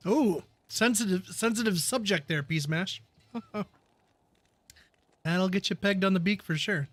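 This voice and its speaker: A man's voice: sits high, animated, a little slow, fairly bright tone, no echo. A man streaming a game, chatting casually and laughing through rambling, profane stories. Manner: rambling, laughing storyteller who swears freely. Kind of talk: casual live-stream chat.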